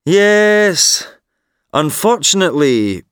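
A man voicing a smooth-talking male con man who is persuasive and sly, confiding and sometimes hushed, in a textbook listening story. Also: sits high, big pitch swings, slow, no room sound, studio quality, pitched above the performer's own voice, heavily acted. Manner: confiding, turns hushed and secretive.

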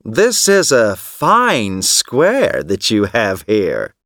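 A man voicing a rich male tourist who is polite and eager, speaking plainly and slowly in a textbook listening story. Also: on the low side, wildly swooping pitch, fairly bright tone, no room sound, studio quality, heavily acted.

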